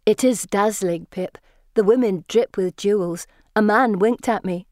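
Anne: breathless, excited teen girl, read by a woman narrator, slightly raised, dry. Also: mid-range voice, a little slow, dry recording, close to an everyday voice. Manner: breathless and eager. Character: eager, excitable teenage girl. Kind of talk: audiobook character voice.

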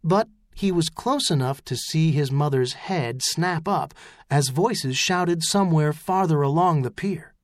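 A man reading a novel aloud as an audiobook narrator, telling the story in a measured way. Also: on the high side, no room sound, studio quality. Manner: measured storytelling, rising into shouts for character lines. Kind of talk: scripted narration.

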